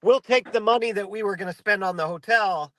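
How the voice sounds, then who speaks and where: A man from the United States with a fairly high voice chats on a livestream. His voice sounds dry and close, and he explains his point in a relaxed, conversational way. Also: a little fast, dry recording. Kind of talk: casual livestream chat.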